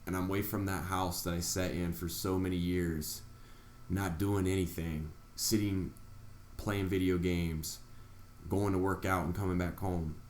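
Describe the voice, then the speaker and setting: Deep-voiced man telling his story. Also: flat delivery, unhurried, a little mellow, echoey room, a little hiss or hum. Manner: earnest, retelling events with quoted reactions. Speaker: vlogger. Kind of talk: personal storytelling vlog.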